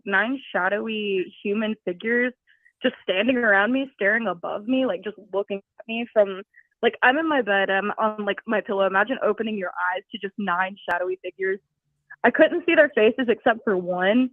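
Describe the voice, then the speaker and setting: A woman's voice: mid-range voice, moderate pace, no room sound. Giggly woman caller on a tinny phone line. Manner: giggly, scattered, apologetic. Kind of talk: telling a personal story on a call-in.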